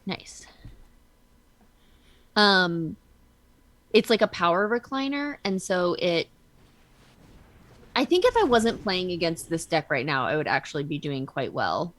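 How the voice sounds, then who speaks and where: A woman streaming a card game, chatting casually and telling stories in an animated way. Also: on the low side, unhurried, pauses often. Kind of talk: casual chat while gaming.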